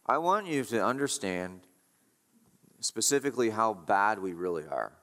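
A man's voice: fairly low pitch, animated, moderate pace, fairly bright tone. A man preaching a sermon as pastor, asking rhetorical questions and repeating his points with emphasis. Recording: long hall reverb.

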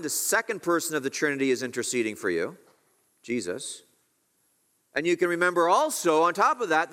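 Earnest male preacher, fairly high voice. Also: fairly bright tone. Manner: earnest, rising on questions, slowing to stress key words. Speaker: pastor. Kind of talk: sermon.

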